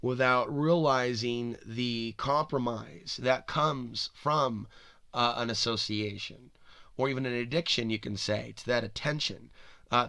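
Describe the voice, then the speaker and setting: A man's voice: mid-range voice, vocal fry, fairly bright tone, dry recording. A man hosting a podcast, talking in a rambling, speculative monologue full of "you know" and restarts. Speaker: podcast host. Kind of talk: spoken monologue.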